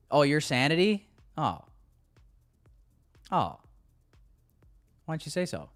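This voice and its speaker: This live-streaming day trader speaks slowly in a slightly high, sing-song voice with a fairly bright tone, leaving long pauses. He jokes around with viewers casually, sometimes cursing, while faint music sits behind him.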